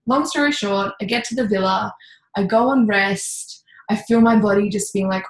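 A woman coach telling a candid personal story in a casual, lively way, with mild swearing. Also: medium pitch, normal speed, echoey room, low-quality recording. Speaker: intuitive coach, podcast guest.

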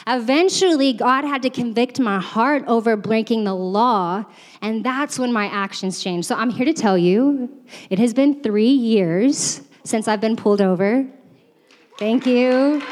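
A woman's voice: fairly high pitch, slow, a little mellow. A young woman on a church's staff, telling a self-deprecating story in a sermon, chatty and laughing often, with lots of fillers. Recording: long reverb from a large hall.

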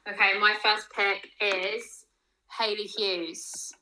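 A mid-pitched woman with a bright tone talks as a podcast guest. She hesitates often with ums and asks the others questions as she goes. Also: level tone, slow, a little hiss or hum, low-quality recording. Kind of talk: casual chat.

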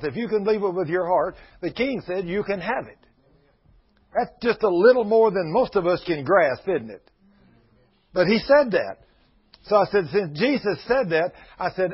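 A man's voice: high-pitched, breathy edge. An older man, preaching a sermon in a folksy storytelling manner, acting out the people in his stories. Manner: folksy storytelling with quoted voices. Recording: dull lo-fi radio broadcast.

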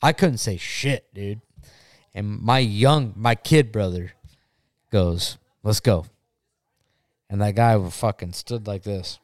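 A man's voice: on the low side, slow, dry recording, studio quality. A young adult man telling a wild story in casual podcast chat, swearing a lot and acting out what everyone said. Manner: profane, animated, acts out quotes. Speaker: podcast co-host.

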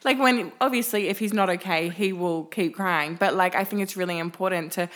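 Chatty young mum on a podcast. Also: female voice, lowish voice, fairly quick, a bit bright. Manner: chatty, lots of "like". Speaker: podcast guest. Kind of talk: casual chat.

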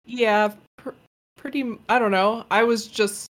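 A woman's voice: fairly high pitch, fairly even intonation, a little slow. A woman in a casual podcast chat, talking hesitantly and giggling.

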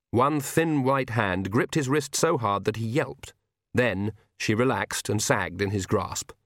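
A man narrating a comic fantasy audiobook in a measured storytelling manner. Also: on the low side, fairly bright tone, dry recording, clean studio sound. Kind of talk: scripted narration.

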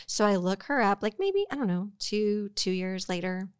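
A woman's voice: mid-range voice, normal speed, clear, resonant tone, no echo, studio quality. Woman telling a story with many fillers. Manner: animated storyteller, filler-heavy. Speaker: guest real estate agent. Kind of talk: casual podcast chat.

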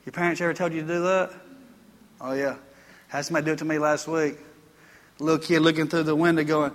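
Preacher guy, high bright voice, folksy stories, church hall reverb. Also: steady tone, fairly quick, long pauses. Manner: folksy storytelling preacher, rising to emphatic preaching. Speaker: pastor. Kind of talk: sermon.

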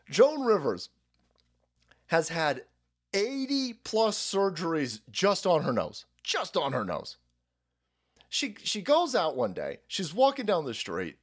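Male streamer host, profane rant delivery, lively pitch swings. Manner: crude, animated, laughs often.

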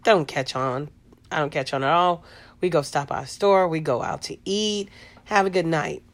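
A woman's voice: low voice, moderate pace. A middle-aged woman hosting a podcast, telling a personal story in a casual, rambling way with lots of fillers. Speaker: podcast host.

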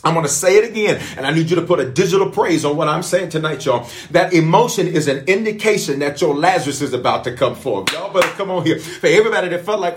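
A man's voice: fairly high pitch, animated, fast, hardly any pauses. A man pastor leading a livestreamed prayer sermon, preaching fervently with repeated declarations and calling viewers to type responses.

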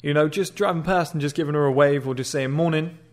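A man's voice: fairly high pitch, fast. A man giving dating advice in a blunt, crude, casual monologue, sometimes acting out short greetings.

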